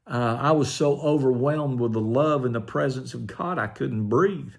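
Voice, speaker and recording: Older gravelly pastor giving testimony. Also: male voice, medium pitch, normal speed. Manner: earnest, quietly emotional storytelling. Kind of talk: personal testimony.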